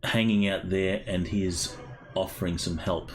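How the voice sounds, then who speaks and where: A man narrating a tabletop role-playing game as game master, halting with many pauses and fillers. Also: low-pitched, steady tone, a little hiss or hum, low-quality recording.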